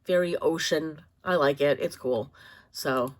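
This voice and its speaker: A woman vlogging casually about products, rambling with many fillers and quick self-corrections. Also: low-pitched. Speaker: vlogger reviewing bags.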